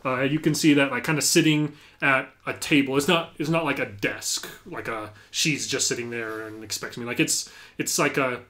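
A man running a tabletop game as game master, pitched in the middle of the male range. He narrates loosely and conversationally, scattering fillers and restarts through his descriptions. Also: a bit bright. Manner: casual, filler-heavy narration with many "like"s.

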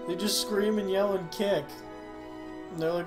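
Crude, joking young man with a high voice. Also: steady tone, measured pace, music in the background. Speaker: let's play gamer. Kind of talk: casual gameplay commentary.

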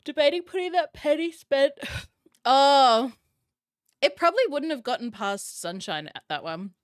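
A woman's voice: high voice, very animated, brisk, no room sound, clean studio sound. A woman streamer hosting her live stream in casual chat, talking straight to her viewers and laughing often. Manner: giggly, chatty, addresses chat directly. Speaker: streamer host.

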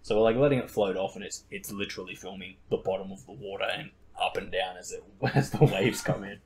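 A man's voice: deep voice, brisk, creaky, a loud crowd. A young man hosting a podcast in casual chat, rambling and laughing at his own stories. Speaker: podcast host.

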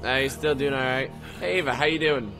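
A man's voice: mid-range voice, a little fast. A young man commenting on a video game as he plays, sarcastic and joking, with sudden exclamations. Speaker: let's play host. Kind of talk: gameplay commentary. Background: loud game music.

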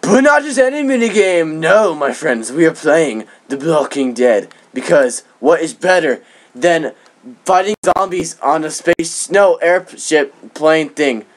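A man's voice: fairly high pitch, animated, unhurried. A man putting on a grandiose, theatrical announcer voice, drawn out, pompous and a little strained. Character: grandiose male showman announcer voice.

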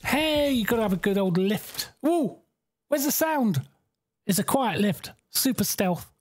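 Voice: medium pitch, lively intonation, moderate pace. A game streamer gives bemused live commentary, thinking aloud and exclaiming at what happens.

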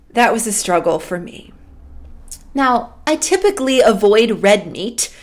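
A middle-aged woman pastor preaching a sermon and telling a personal story in a slow, storytelling way. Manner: slow, warm storytelling with lively pitch.

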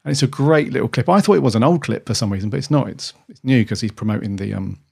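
A man's voice: mid-range voice, fast talker, vocal fry, mellow, breathy edge. A man co-hosting a podcast, chatting casually in a rambling way with many restarts. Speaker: podcast co-host. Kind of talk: casual chat.

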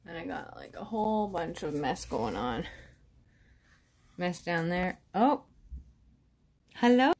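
A woman's voice: on the low side, animated, a little slow, pauses often, breathy edge. A woman streaming live from home on her phone, chatting in a rambling way with viewers and her cats.

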